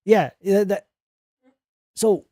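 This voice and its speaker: A man's voice: high voice, drawn-out words, dark tone, dry recording, clean studio sound. Sarcastic, laughing man streamer. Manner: sarcastic, laughs often, swears. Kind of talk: reading posts aloud and reacting.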